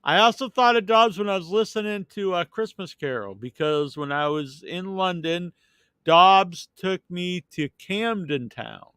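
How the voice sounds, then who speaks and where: A man's voice: sits high, measured pace, a bit bright, clear, resonant tone, dry recording, studio quality. A man hosting a podcast, telling rambling anecdotes in casual chat with lots of restarts. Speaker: podcast host.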